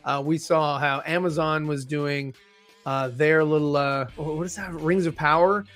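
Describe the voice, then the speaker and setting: A man's voice: on the high side, steady tone, moderate pace, fairly bright tone. A man co-hosting a casual nerd podcast, joking, laughing often and swearing casually. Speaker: podcast co-host. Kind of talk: casual chat.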